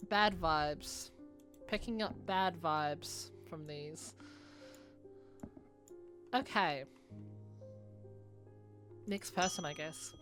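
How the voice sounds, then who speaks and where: A woman's voice: low-pitched, drawn-out words, long pauses, fairly bright tone, soft background music. A woman streamer chatting casually over gameplay, hesitant and trailing off.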